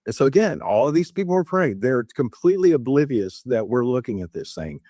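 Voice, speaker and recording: Talking a little fast in a mid-range voice, the same middle-aged man continues his long, casual podcast story, playing out the dialogue through tonal shifts. There's no echo, and the studio sound is clean.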